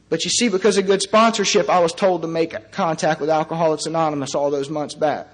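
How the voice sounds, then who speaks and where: A man in his thirties sharing his recovery story before a group, earnest and halting, with long pauses and wry, self-mocking humor. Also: a little high, steady tone. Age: 30s. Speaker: recovery meeting speaker. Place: meeting room before a live audience.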